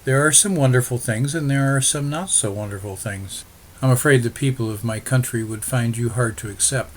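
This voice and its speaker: A man voicing a gentle, practical Irish settler who speaks calmly and reassuringly to his wife. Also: medium pitch, brisk, a little hiss or hum, lightly acted.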